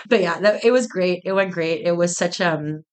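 A young woman in her twenties, a business co-founder, telling a story in an interview with animated delivery, frequent laughter and lots of "like" fillers. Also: on the low side, normal speed. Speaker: guest, tea business co-founder.

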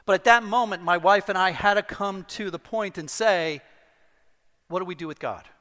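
In a hall with long reverb, a middle-aged male pastor tells a personal story during his sermon, lively and self-mocking. He has a high voice and keeps a moderate pace.

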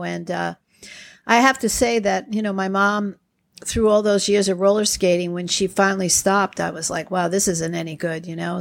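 Gravelly-voiced woman telling stories. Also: medium pitch. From Long Island, New York. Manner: chatty, animated anecdotes with acted-out quotes. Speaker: podcast host. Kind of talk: casual storytelling.

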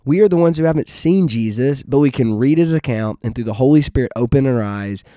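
A man's voice: medium pitch, expressive, brisk, warm tone, no room sound, clean studio sound. A man giving a casual devotional talk as a Bible teacher, earnest and emphatic in a conversational way.

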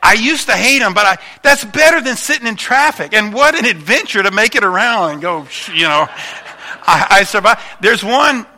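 Pastor in his fifties, casual storytelling sermon, sharp bright voice, fairly high. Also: lively intonation, normal speed. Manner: chatty, warm storytelling with frequent restarts.

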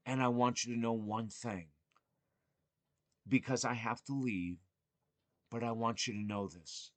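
A man quoting his late mother, voicing her as a gentle, soothing older woman speaking softly and hushed. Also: mid-range voice, measured pace, dry recording, natural voice. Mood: tender, reassuring.

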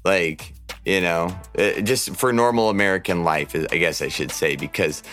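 A man with a very low voice hosts a casual podcast, talking in a loose, rambling way with plenty of swearing and filler words. Faint music plays quietly behind him. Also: normal speed. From Portland area, Oregon. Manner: rambling, profane, laid-back with lots of fillers. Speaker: podcast host.

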